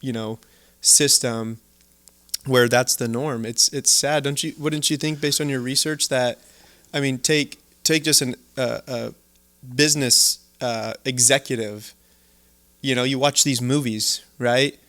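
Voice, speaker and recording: A man's voice: mid-range voice, steady tone, a little slow, a bit bright. Encouraging male podcast host. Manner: encouraging, rambling questions with affirmations. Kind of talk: conversational interview.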